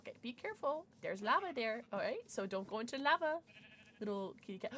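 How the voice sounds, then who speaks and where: A woman's voice: on the high side, very animated, quick pace, a bit bright, slight background noise. A young woman streaming a video game, chatting casually and breaking into squealing baby talk with her pets. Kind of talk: casual gameplay livestream chat.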